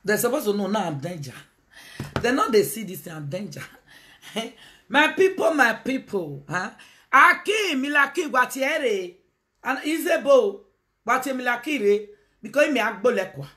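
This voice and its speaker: Animated Nigerian woman on a phone live stream. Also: fairly high pitch, unhurried, pauses often. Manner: animated, switches into Pidgin, calls out to viewers. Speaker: live video host. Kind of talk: casual live-stream talk.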